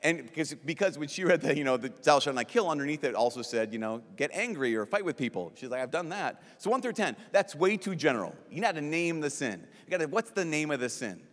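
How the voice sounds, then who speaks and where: A priest giving a lively, joking talk at a youth conference, acting out quick voices as he goes. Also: fairly high pitch. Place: large conference hall. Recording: long reverb of a large hall.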